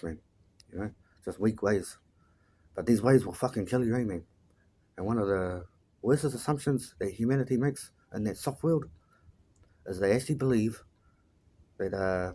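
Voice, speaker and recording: Blunt, swearing New man, low voice. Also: a little mellow, slight background noise. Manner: blunt and profane, tags sentences with "eh". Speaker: life coach. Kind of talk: casual motivational monologue.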